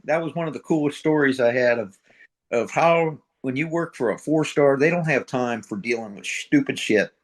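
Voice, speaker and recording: A middle-aged retired Marine sergeant major from middle America, telling war stories in a blunt, profane way and acting out the dialogue. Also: male voice, medium pitch, normal speed. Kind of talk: casual storytelling interview.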